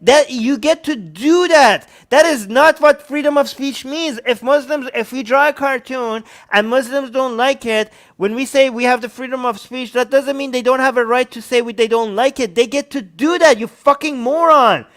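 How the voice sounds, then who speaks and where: Male co-host, very high pitch, angry profane ranter. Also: moderate pace, hardly any pauses, a bit bright. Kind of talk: heated political commentary.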